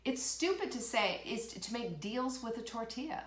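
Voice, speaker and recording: Hosting a live motivational talk show, a woman with a fairly high voice sounds fired up and emphatic at a moderate pace in an echoey room. She fires off rhetorical questions, reads out viewer comments, and laughs.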